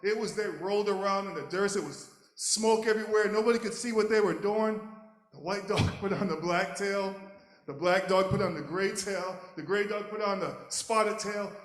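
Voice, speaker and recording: A man telling a folk tale to a live audience, animated and playful, often chuckling. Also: high voice, normal speed. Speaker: storyteller. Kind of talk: live storytelling. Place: large hall at a live event. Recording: echoey hall, live audience.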